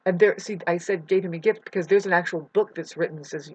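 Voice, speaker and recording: Through a computer mic with dull, muffled home-recording sound and no room reverb, a restless vlogger talks fast in a husky, mid-range, steady voice. The unscripted monologue rambles in fragments, full of restarts, shifting from mumbles to loud outbursts.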